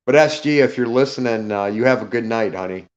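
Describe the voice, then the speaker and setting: A man's voice: medium pitch, brisk, lo-fi sound. A man speaking as a guest on a live audio panel in casual chat, rambling, greeting listeners by name and checking he caused no offence.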